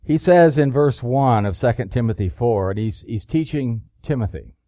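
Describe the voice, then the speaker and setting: A man preaching a sermon, reading scripture slowly and deliberately and rising in emphasis on key verses. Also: medium pitch, expressive, mellow, no echo, studio quality.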